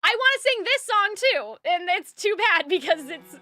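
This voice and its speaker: A woman reacting live to a musical, talking in an excitable, rambling way and full of fillers. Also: very high voice, moderate pace, no room sound, clean studio sound, soft background music. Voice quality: alto singer. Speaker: reaction streamer.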